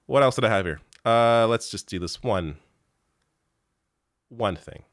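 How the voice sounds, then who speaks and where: Laid-back, low-voiced man chatting on a livestream. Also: a little slow, dry recording, studio quality. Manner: rambling, laughs often, swears casually. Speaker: live show host. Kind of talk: casual livestream chat reading comments.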